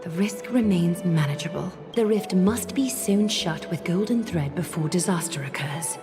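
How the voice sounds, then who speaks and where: A poised, commanding woman guardian, voiced by an actress in a video game, speaking in a calm, low register that sometimes drops to a breathy hush. Game music plays underneath the dialogue. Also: moderate pace, lightly acted. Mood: hushed, pensive.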